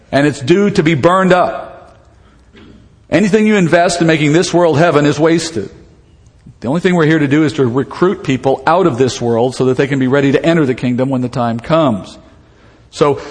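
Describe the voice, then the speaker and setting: Man, Bible teacher, conversational and animated, acts out dialogue, slightly high voice, long hall reverb.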